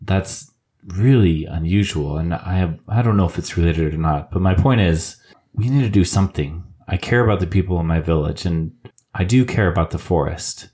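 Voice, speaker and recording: Man playing a worried village man, deep and dark-toned. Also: normal speed, natural voice. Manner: earnest, stumbling restarts.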